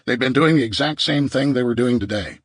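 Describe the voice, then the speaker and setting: A man reading a survival audiobook in a steady, measured narration. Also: mid-range voice, dry recording.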